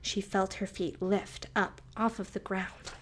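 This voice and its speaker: A woman reading a children's storybook aloud, gentle and soft-spoken. She reads slowly and evenly, at a calm middle pitch. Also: a little hiss or hum. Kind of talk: storybook read-aloud for toddlers.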